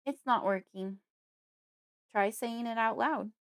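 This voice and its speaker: Casting: a protective dad, stern and urgent, read by a woman narrator, in a flat, dry audiobook. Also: on the high side, slow, clean tone, dry recording. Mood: urging. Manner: stern, urgent, yelling at times. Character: distraught father shielding his young daughter. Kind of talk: audiobook character voice.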